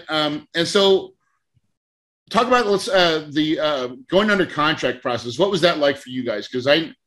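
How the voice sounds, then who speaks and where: A man with a bright, forceful voice pitched a bit high tells an animated story as a podcast host. He acts out each conversation as he goes and laughs often. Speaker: podcast host and real estate mentor. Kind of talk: lively storytelling in a podcast interview.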